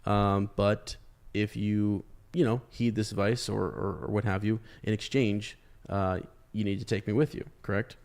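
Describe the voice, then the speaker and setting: Male podcast co-host, lowish voice, relaxed, halting, chuckles a lot. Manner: easygoing, laughs often, repeats words while thinking. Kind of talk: casual book discussion chat.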